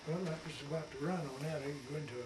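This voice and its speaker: An older man spins long, wandering war stories in a folksy country way, stopping to restart and acting out other people's voices. His voice sits back from the mic in a roomy space. A steady hum runs underneath. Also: a little high, rapid-fire, far from the mic. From Iowa. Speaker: veteran interviewee. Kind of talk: rambling oral-history storytelling. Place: his home, in a room.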